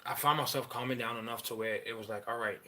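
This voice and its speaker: A man in a candid personal monologue, rambling and profane, halting often with fillers as he talks about his feelings. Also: medium pitch, bright, forceful tone. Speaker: father sharing personal story.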